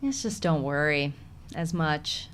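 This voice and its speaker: A woman's voice: low voice, lively intonation, slow pace, fairly bright tone, a little hiss or hum. Chatty woman with a Chicago accent. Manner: chatty and candid, laughs often. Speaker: actress, podcast guest. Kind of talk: casual interview chat.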